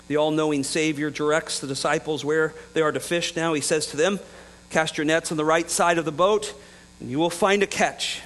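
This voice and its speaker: Pastor, male, light high voice, chatty preaching with chuckles and acted-out dialogue, slight mains hum. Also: fairly even intonation, moderate pace, fairly bright tone, poor audio. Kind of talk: sermon.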